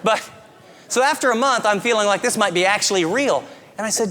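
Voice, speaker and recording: A middle-aged man preaching a sermon, earnest and conversational, often dropping to soft, tender tones. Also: sits high, fairly quick. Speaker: pastor. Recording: long reverb of a large hall.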